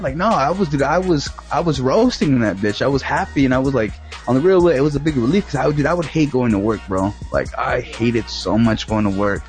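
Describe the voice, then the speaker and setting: Man of mid pitch, loose and profane, circles his story with laughs; soft music underneath. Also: animated, a little fast, hardly any pauses. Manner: rambling, profane, laughs often. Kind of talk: casual chat.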